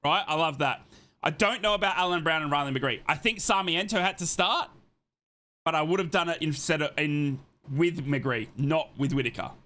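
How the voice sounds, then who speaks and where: A man's voice: a little high, moderate pace, pushed and bright. A man hosting a live football watchalong, reading out the lineups and greeting chat viewers by name in an upbeat, chatty way. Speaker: host of a football watchalong stream.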